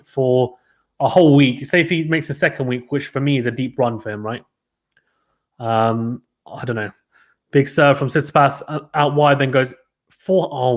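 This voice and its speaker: A man commentating a live tennis watchalong stream, chatting casually and reading out viewer comments between points. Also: a little high.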